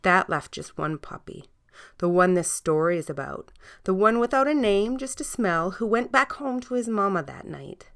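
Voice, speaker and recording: Woman, children's story reading, gentle, soft, mid pitch. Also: lively intonation, normal speed, clear, resonant tone. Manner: gentle, soft storytelling, dropping to a hush at times.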